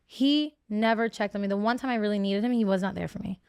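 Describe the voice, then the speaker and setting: A woman's voice: medium pitch, fast talker, a little mellow, clean tone, dry recording, clean studio sound. A woman in her twenties, a guest telling her story in casual chat, emotional and full of fillers.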